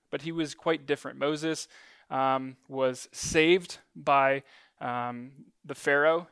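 A man's voice: on the high side, fairly bright tone, clear, resonant tone, dry recording. A man preaching a casual sermon to a church gathering, talking conversationally with frequent ums and light self-deprecating asides.

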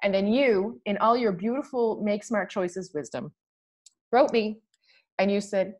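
Animated woman podcast host. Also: on the high side, normal speed. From Canada. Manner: animated, emphatic, laughs often. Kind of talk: casual conversation.

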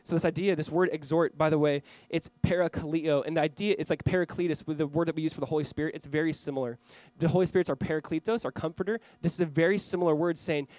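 A man's voice: a little high, fairly even intonation, fast talker, few pauses, darkish tone, dry recording, poor audio. A man preaching a sermon as pastor, earnestly urging his listeners. He speaks straight to a camera for viewers watching online.

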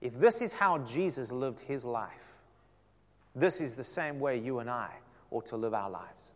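A man preaching a sermon to a seated congregation, swinging from loud emphasis down to a soft near-whisper. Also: mid-range voice, animated, unhurried. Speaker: pastor. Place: church sanctuary. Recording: long hall reverb.

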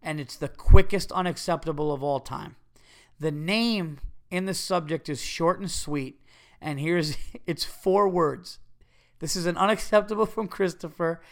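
A middle-aged man hosting a podcast, telling a story in a casual monologue and slipping into loud, profane rants. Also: a little high, measured pace, gravelly. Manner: animated storytelling, rants with heavy swearing. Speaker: podcast host.

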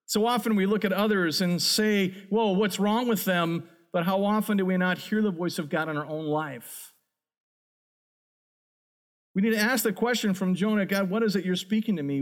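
A man preaching a sermon as a pastor, earnest and emphatic. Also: sits high.

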